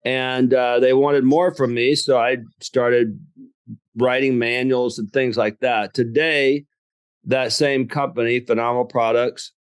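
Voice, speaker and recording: A middle-aged man with a Southern US drawl tells stories in a folksy, self-mocking way. His voice is smooth and resonant, set at an ordinary pitch. The sound is dry and close. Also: level tone, measured pace, no room sound. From southern Alabama. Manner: folksy, jokes and laughs at own stories. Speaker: guest, business coach and author. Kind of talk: storytelling interview.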